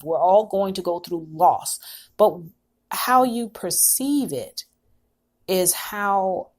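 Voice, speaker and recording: A woman's voice: lowish voice, a little mellow. A woman podcast host giving an encouraging motivational talk, with preachy repetition.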